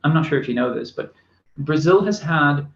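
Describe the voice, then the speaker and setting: This lecturer's voice sits on the high side, gravelly, with lively intonation at a normal speed. His recorded university talk is packed with fillers and restarts, captured in an echoey room with dull, lo-fi audio.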